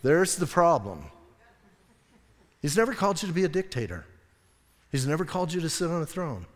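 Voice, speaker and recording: Pastor, middle-aged man, high-pitched, joking sermon delivery, long reverb of a church hall. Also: brisk. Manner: lively, joking, acts out quoted voices. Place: church sanctuary.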